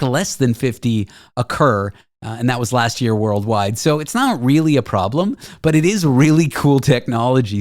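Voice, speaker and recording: A man's voice: medium pitch, no room sound, clean studio sound. A man hosting a radio talk show, joking and bantering playfully with his guest. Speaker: host.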